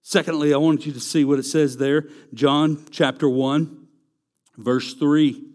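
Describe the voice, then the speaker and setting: Slow, emphatic preacher man. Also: a little high, fairly even intonation, darkish tone. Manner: emphatic, repeats key phrases for stress. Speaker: pastor. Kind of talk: sermon.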